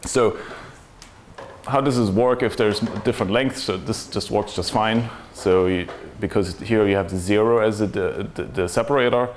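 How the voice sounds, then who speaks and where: A man's voice: fairly low pitch, a little hiss or hum. A man giving a technical conference talk to a room, explaining step by step and asking rhetorical questions. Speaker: conference speaker.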